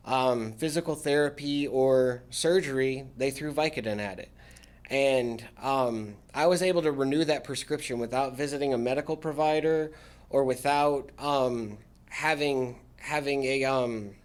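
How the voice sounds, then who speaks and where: In a candid, casual podcast interview, a male veteran discusses his recovery, leaning on dry sarcasm. He speaks in a smooth, mid-range voice.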